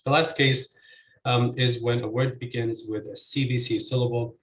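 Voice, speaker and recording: A man's voice: medium pitch, fairly even intonation, moderate pace, fairly bright tone, echoey room, a little hiss or hum, rough recording. A man giving an academic conference presentation on linguistics, hesitant with many fillers and restarts.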